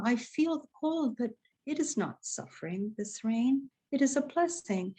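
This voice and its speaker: A woman reciting her own spoken word poetry in a slow, meditative, hushed manner. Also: a little high, animated, breathy edge. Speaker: poet.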